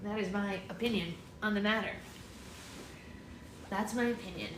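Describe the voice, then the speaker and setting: A woman's voice: medium pitch, fairly even intonation, moderate pace. A woman chatting casually on a livestream from home, breaking into laughter as she talks to her baby and to viewers. She has a middling voice. The room rings with echo and there is plenty of noise behind her. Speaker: livestream read-along host and mother. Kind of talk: casual livestream chat while minding a baby. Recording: roomy with noisy background.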